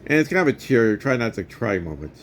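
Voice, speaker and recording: A man's voice: medium pitch, very animated, quick pace, slight background noise. A man in his fifties casually retelling and reviewing a movie for his vlog, rambling with many restarts.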